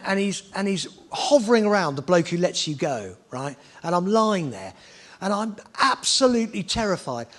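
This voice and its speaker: A man telling a story in a casual chat, animated and sweary, acting out other people's lines. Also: sits high. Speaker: TV presenter telling stories.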